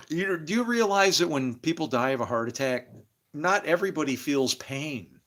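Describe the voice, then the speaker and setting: An older man hosting a casual livestream, rambling, emotional and laughing often, swinging between loud and quiet. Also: mid-range voice, animated, measured pace. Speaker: livestream host.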